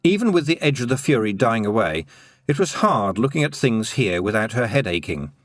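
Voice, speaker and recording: Expressive male audiobook narrator. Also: mid-range voice, fairly quick, no echo, clean studio sound.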